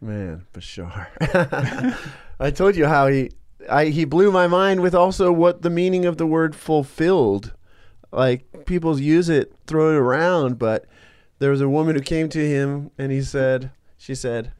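Guy cohosting a podcast, chatty and animated, laughs a lot, slightly high voice. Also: a little slow, smooth. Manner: animated storyteller, laughs often. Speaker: podcast co-host. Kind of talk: casual chat.

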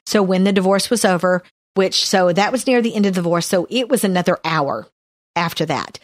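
A woman's voice: fairly low pitch, a little fast, no room sound, studio quality. A woman, a podcast co-host sharing a personal testimony in an earnest, heartfelt way.

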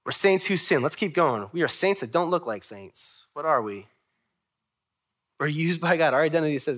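A young adult man, a pastor preaching a sermon, animated with sudden loud rises and soft drops. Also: mid-range voice, moderate pace.

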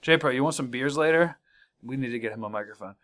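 A man co-hosting a casual beer-tasting podcast, joking and breaking into loud sudden outbursts. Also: medium pitch, fast talker. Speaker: podcast co-host. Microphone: studio microphone.

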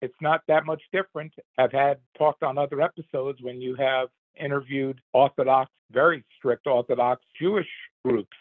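An older man talks over a tinny, phone-like line, rambling and earnest as he lays out his opinions. His pitch is moderate, and the sound is dry and close. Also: fairly even intonation, moderate pace, few pauses, no room sound. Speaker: host's father, commentator. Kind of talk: casual opinion commentary.

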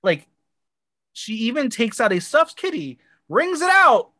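A woman's voice: fairly high pitch, big pitch swings, a little slow, bright, forceful tone, no room sound. Woman on a podcast, crude and playful, voice jumps all over the place, dry close sound. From United States. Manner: blunt, crude and playful, with exaggerated reactions. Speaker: podcast co-host recapping a TV episode. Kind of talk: casual chat.

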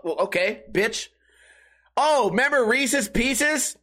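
Young man, podcast host, casual rambling, profane, self-amused, high voice. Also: big pitch swings, normal speed, fairly bright tone. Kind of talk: solo casual podcast rant.

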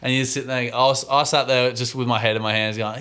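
A man, co-hosting a podcast in casual chat and telling an animated story full of casual swearing. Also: medium pitch, fast, few pauses. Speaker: podcast co-host.

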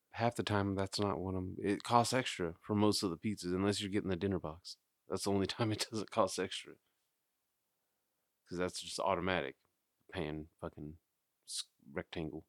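A man co-hosting a podcast, talking in casual, crude, joking banter and mimicking people in quick voices. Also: low-pitched, dry recording, studio quality. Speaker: podcast co-host.

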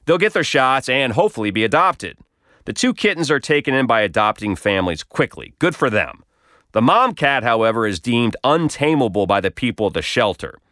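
A man's voice: mid-range voice, a bit bright, no echo. A man reading his own comic story aloud with wry, dry humor. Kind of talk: scripted narration.

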